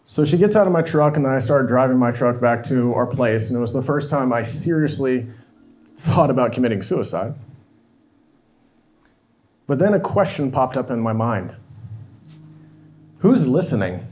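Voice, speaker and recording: A man's voice: medium pitch, animated, moderate pace, long pauses, darkish tone. A man on stage telling a painful personal story, emotional and confessional, acting out the dialogue he quotes. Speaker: speaker. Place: stage at a live talk event.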